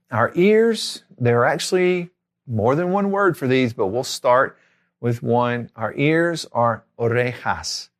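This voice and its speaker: Language tutor, man, middle-aged, slow steady delivery, repeats every word twice. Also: medium pitch. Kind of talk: spoken language lesson.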